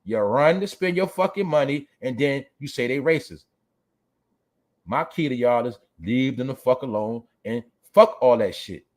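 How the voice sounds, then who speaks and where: A man's voice: mid-range voice, a little mellow. A man hosting a livestream show, ranting bluntly and profanely at his viewers and reading the chat. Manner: profane, blunt, preachy, talks straight to viewers. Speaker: show host. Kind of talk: livestream commentary rant.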